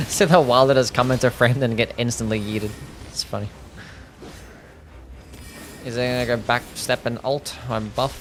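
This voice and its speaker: A man's voice: mid-range voice, steady tone, unhurried, pauses often, slight background noise. Laid-back streamer man. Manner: laid-back, swears, reads chat aloud. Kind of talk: casual live game commentary. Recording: faint music behind.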